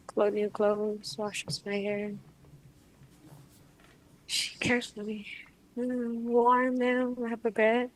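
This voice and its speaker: Halting, dreamy woman under hypnosis. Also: fairly high pitch, slight background noise, low-quality recording. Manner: hesitant, halting, dreamy speech with pauses and restarts. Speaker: hypnosis client. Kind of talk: describing visions under hypnosis.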